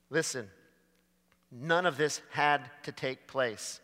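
A man preaching a dramatic sermon, swinging from loud to hushed. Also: fairly high pitch, takes it slowly, pauses often, long reverb tail.

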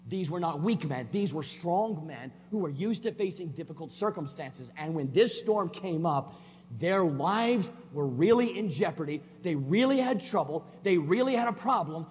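Preacher in a reverberant church hall. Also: male voice, a little high, expressive, moderate pace. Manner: swings from loud emphatic preaching to quiet conversational asides; folksy, plainspoken. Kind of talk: sermon. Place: church sanctuary. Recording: long hall reverb with faint hum.

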